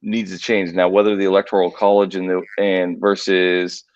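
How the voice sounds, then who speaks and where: A man on a podcast, explaining politics in a measured, hedging way, with restarts. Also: low voice, level tone, dry recording. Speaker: guest. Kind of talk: podcast discussion. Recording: dull lo-fi remote audio.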